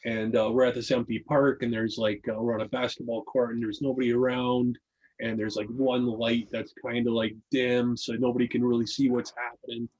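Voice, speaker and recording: A man's voice: medium pitch, little pitch movement, moderate pace, a little mellow, highs cut off. A man telling a long story in casual talk, rambling with many restarts and fillers. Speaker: podcast guest reading his own article.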